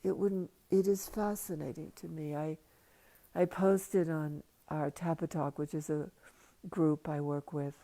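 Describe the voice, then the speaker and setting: An older woman, a spiritual teacher, speaks slowly and quietly into a livestream computer mic in a low, gravelly, dark voice with a steady tone. Her reflective talk is soft and hushed, drifting in and out of whispers.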